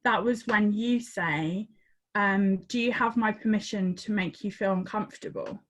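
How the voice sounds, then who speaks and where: A woman telling a personal story in a casual, animated way. She acts out her own reactions and repeats words as she goes. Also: mid-range voice, normal speed. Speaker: community member sharing a story. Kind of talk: casual storytelling on a group call.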